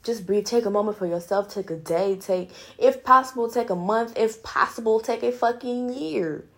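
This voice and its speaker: A young woman hosts a podcast in a loose, frank monologue. Her voice carries a slight fry at the edges. She swears freely and keeps calling her listeners girl, baby and honey. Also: on the high side, normal speed. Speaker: podcast host. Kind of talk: casual motivational monologue.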